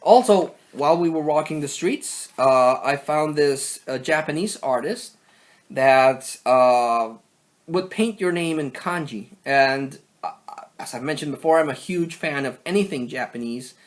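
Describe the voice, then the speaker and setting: A man's voice: fairly high pitch, measured pace. A young man casually showing off his collection in a vlog, rambling with many fillers and self-corrections. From Mexico. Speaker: collector vlogger. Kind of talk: casual show-and-tell vlog.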